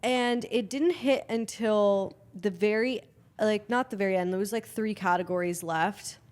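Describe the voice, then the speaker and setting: A woman's voice: mid-range voice, normal speed, darkish tone. Woman rambling thru a story on a podcast, lots of restarts, swears a bunch. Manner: swears freely. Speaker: guest. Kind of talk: casual podcast chat.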